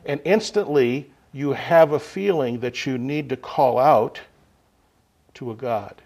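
A man preaching a sermon to a gathering, unhurried, swinging from loud emphasis to quiet asides. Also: medium pitch, gravelly.

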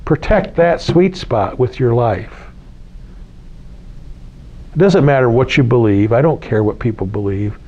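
Speaking at a measured pace with long pauses, this man has a mid-range voice. He's an American spiritual teacher chatting informally with a small group, repeating key phrases and questioning his listeners, captured in a slightly dull lo-fi recording.

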